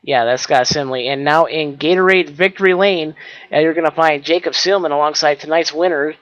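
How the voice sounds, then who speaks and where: A man commentating an online racing broadcast, folksy and measured. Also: fairly high pitch, fairly bright tone, no echo. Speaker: race commentator. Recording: dull, lo-fi dry mic.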